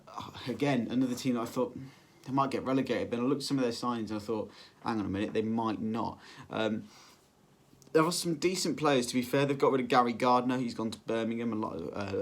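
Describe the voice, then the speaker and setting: Guy talking football predictions, lots of ums, keeps correcting himself, mid pitch. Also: slight background noise. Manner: rambling, filler-heavy, self-correcting. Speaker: football vlogger. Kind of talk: casual solo prediction vlog.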